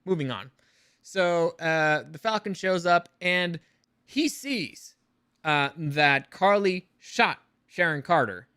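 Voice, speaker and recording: A man's voice: a little high, lively intonation, slow, pushed and bright, clear, resonant tone, dry recording, clean studio sound. A man ranting through a review vlog, exasperated and sarcastic, swearing freely.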